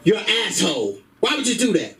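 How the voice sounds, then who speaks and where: A man's voice: high-pitched, wildly swooping pitch, fairly quick, crowd noise, pitched above the performer's own voice, full character voice. A man voicing an indignant young woman, his exasperated girlfriend, with a sassy, scolding manner during a stand-up act-out. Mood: alarmed scolding.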